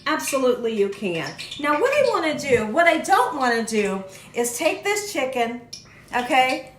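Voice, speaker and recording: A woman's voice: sits high, fairly bright tone, a little hiss or hum. A woman hosting a cooking tutorial in a kitchen, chatty and often checking in with the viewer. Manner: chatty, frequently checks in with "okay". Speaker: cooking show host. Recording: echoey room.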